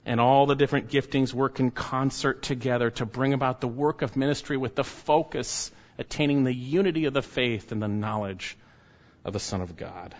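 A man preaching a sermon in an even, middle-pitched voice. He drives his points home with emphatic rhetorical questions, then lets the ends of his phrases drop quiet. The recording sounds a little dull and lo-fi. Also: moderate pace. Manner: emphatic preaching, rhetorical questions, drops soft on closing words. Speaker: pastor.

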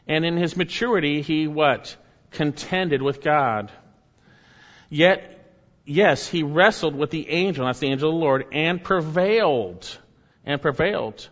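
A man preaching a sermon, asking rhetorical questions and repeating key phrases, his voice swinging from high and loud to low and quiet. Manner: repeats key phrases, rhetorical questions, rises and drops sharply in pitch and volume. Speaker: pastor. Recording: dull sound in a hall with long echo.

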